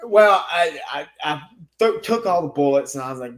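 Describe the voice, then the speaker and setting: A man's voice: a little high, expressive, moderate pace, a bit bright, poor audio. A man telling a story in a casual podcast chat, talking bluntly with a lot of swearing. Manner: rough, informal speech. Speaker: guest telling stories from law enforcement work.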